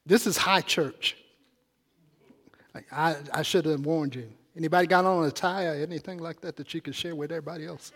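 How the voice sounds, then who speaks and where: Steady in tone, fairly quick, and fairly bright, a man on the high side preaches a sermon as a pastor. He keeps it chatty, calling out questions to the congregation, with the long reverb of a church hall around him.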